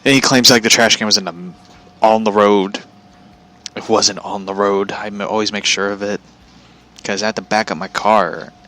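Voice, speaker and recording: A man's voice: on the low side, little pitch movement, moderate pace, bright, forceful tone. A man hosting his show from home, telling a story as a profane, aggravated rant. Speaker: show host. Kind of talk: ranting storytelling.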